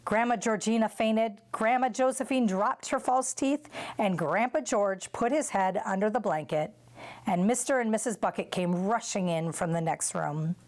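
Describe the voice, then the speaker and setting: A woman reading a children's novel aloud for a school, with clear, steady storytelling. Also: mid-range voice, moderate pace. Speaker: school read-aloud reader.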